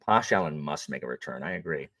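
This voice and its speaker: A man's voice: very deep voice, expressive, fast, fairly bright tone. A man chatting casually on a livestream, rambling with many fillers and restarts as he greets viewers and talks about what he is reading. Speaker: audiobook narrator and livestream host.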